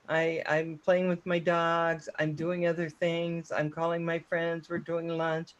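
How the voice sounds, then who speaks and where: A man hosting a casual online chat show, talking in a rambling, chatty, self-deprecating way. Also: fairly high pitch. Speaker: host.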